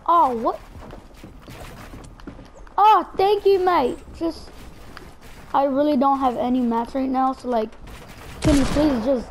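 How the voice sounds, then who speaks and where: Slowly and with frequent pauses, a high-pitched female gamer narrates as she plays, addressing her audience directly. Her excitable, talkative commentary gets loud at discoveries and dangers, over a faint hiss or hum.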